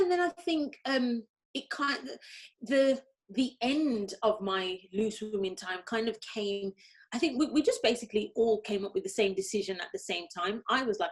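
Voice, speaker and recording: A woman's voice: mid-range voice, normal speed, a little mellow. A woman from Birmingham with a light Brummie accent, a guest speaking candidly in an interview, reflective, often restarting and repeating her phrases. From Birmingham, England.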